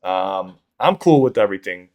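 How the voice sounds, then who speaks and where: A man's voice: low voice, expressive, moderate pace, darkish tone. A man telling stories casually from his home office, rambling and swearing, with lots of fillers and restarts. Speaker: YouTube content creator. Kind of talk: casual storytelling to camera.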